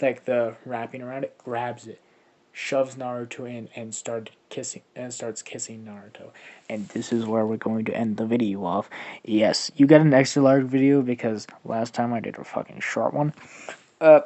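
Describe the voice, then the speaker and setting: A young man spins a fan-made story off the cuff, rambling and swearing freely as he goes. His voice sits at a middling pitch, and he often chuckles at his own jokes. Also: a little mellow. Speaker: fan-fiction narrator and channel host. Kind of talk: casual spoken fan-fiction storytelling.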